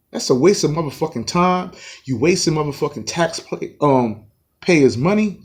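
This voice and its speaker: Husky fired-up New man ranting. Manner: profane, boastful, taunting, swings loud and high. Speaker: sports vlogger. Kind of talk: fired-up basketball rant.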